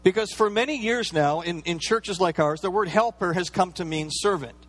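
A pastor preaching a sermon in a relaxed, conversational way, with playful asides and everyday fillers. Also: male voice, sits high, moderate pace.

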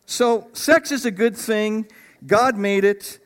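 A middle-aged man preaching a sermon as pastor, animated and acting out voices of biblical figures. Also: sits high, slow.

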